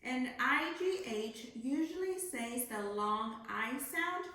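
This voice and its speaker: A woman teacher giving a phonics lesson to young children, speaking slowly and enunciating clearly. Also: high-pitched, lively intonation, bright, forceful tone. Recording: very echoey room, faint noise.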